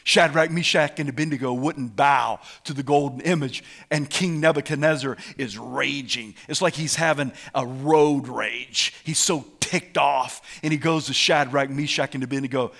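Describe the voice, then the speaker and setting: A male preacher delivering a dramatic sermon, swinging from shouts down to hushed whispers. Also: medium pitch, moderate pace, creaky, hardly any pauses.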